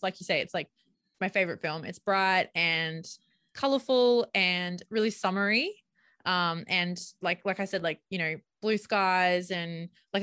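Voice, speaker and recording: A woman's voice: on the low side, sharp tone, no room sound, studio quality. A young adult woman with an Australian accent, co-hosting a podcast in casual chat, full of "like" and "um". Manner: chatty, lots of "like" and "um". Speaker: podcast co-host.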